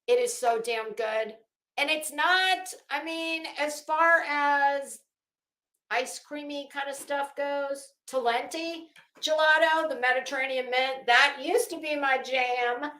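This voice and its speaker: Effusive and rambling, this Florida commentary channel host keeps interrupting herself mid-sentence during a casual live chat. She has a high-pitched, pushed and bright voice heard in a reverberant space.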